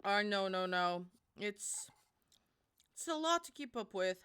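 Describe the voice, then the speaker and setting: Bright, crisp-voiced young woman streamer. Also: mid-range voice, expressive, slow. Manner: chatty and rambling, talks to chat. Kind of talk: casual live-stream chat.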